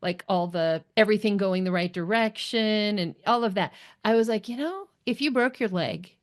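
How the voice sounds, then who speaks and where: A woman's voice: medium pitch, normal speed. A woman podcast host affirming her guest and chiming in during an interview. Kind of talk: interview conversation.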